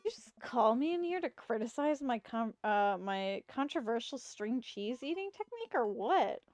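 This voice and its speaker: A woman voicing a sarcastic teenage daughter with a flat, wry delivery. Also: fairly high pitch, moderate pace, soft background music.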